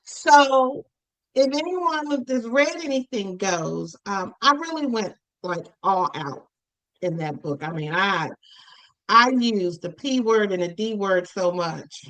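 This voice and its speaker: Animated woman telling stories. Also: medium pitch, slow, rough recording. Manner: animated storyteller, acts out voices of her parents. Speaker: guest author. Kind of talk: casual podcast conversation.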